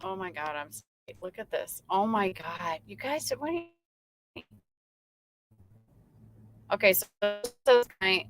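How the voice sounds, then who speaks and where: A woman's voice: medium pitch, big pitch swings, slow pace, long pauses, low-quality recording. A woman, a truck driver, chatting casually on a late-night livestream and reading out viewer comments, rambling with lots of fillers.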